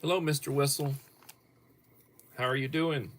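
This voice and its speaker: A man's voice: mid-range voice, fairly even intonation. A middle-aged man hosting a casual livestream, reading topics aloud with chuckles. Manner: slow, chuckling, reads viewer topics aloud. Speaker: livestream host.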